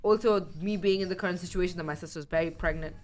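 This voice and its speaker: A woman's voice: fairly low pitch, fairly even intonation, quick pace, a little mellow. A young woman co-hosting a podcast, telling a long story in casual chat, rambling, swearing and laughing often. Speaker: podcast co-host.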